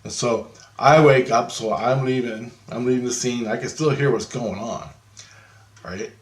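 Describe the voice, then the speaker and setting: A man's voice: mid-range voice, a little slow. Rambling man telling a story, echoey room. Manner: meandering, repeats himself, swears casually. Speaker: storyteller recounting a dream. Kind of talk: casual rambling monologue.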